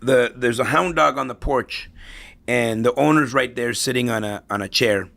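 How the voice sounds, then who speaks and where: Gravelly middle-aged man telling stories. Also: mid-range voice, moderate pace, a bit bright. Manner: storytelling, repeats himself, tags lines with "right?". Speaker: guest. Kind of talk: conversational podcast interview.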